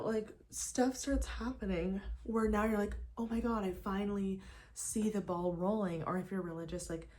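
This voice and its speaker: A woman's voice: medium pitch, darkish tone. A young woman chatting casually while getting ready, talking about faith and surrender, with lots of restarts and fillers. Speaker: faith vlogger. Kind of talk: casual get-ready-with-me chat. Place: at home.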